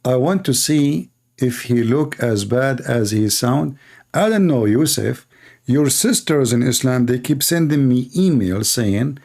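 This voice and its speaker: Brief: male stream host, dark gravelly voice, mocking and combative. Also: medium pitch, expressive, a little slow. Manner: sarcastic, taunting, breaks into parody singing. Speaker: live stream host debating Muslim callers. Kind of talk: casual mocking debate talk.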